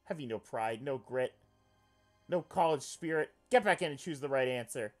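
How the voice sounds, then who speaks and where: A man playing a visual novel on stream, reading its text aloud and reacting in an animated, excitable way, swearing freely. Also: mid-range voice, normal speed, soft background music. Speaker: let's player.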